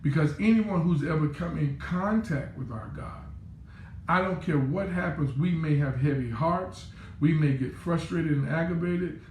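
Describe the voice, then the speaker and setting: A man preaching a sermon, building through repetition and rising into shouts. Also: on the high side. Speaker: pastor. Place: church sanctuary. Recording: echoey church with faint room noise.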